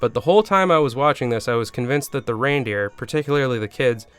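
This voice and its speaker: A Canadian man with a Canadian accent narrating a comedic movie review, with sarcastic deadpan asides. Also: medium pitch, fast talker, smooth, soft background music. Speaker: video reviewer host.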